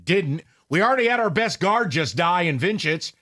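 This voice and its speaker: A man's voice: high-pitched, animated, normal speed, bright, forceful tone. Heated, ranting male sports radio host. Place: radio studio.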